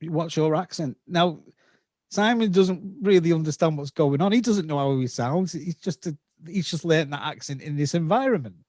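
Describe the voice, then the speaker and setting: A man's voice: on the high side, moderate pace, a little mellow, no room sound, studio quality. A man in his fifties from England with a slight Scouse accent, a podcast guest explaining at length and checking in with his listener. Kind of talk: casual interview talk.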